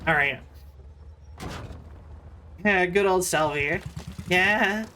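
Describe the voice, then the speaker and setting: A man's voice: high voice, very slow, bright, forceful tone, a little hiss or hum. A man streaming and chatting casually while he plays, telling rambling, self-deprecating stories with stammering restarts. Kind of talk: casual chat while gaming.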